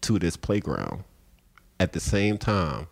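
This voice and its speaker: A man's voice: slow pace, vocal fry. A man with a Philadelphia accent, telling stories as a podcast guest and acting out the voices of people he quotes. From South Philadelphia. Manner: animated storyteller acting out quoted voices, often high-pitched. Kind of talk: storytelling in a podcast interview.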